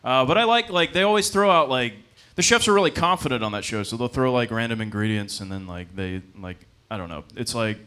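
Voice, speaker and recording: Rambling young stand-up comic. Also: male voice, mid-range voice, lively intonation, brisk, few pauses, bright, forceful tone, clean tone. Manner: rambling, self-deprecating, with frequent fillers and laughs. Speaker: stand-up comedian. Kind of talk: stand-up comedy set. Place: comedy club stage.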